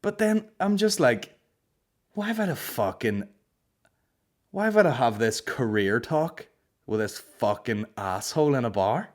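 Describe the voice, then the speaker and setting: A man's voice: mid-range voice, sing-song, unhurried, long pauses. A young man hosting a comedy podcast, telling stories in a sweary, sarcastic way. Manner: sweary, sarcastic, acts out voices. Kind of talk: casual storytelling chat.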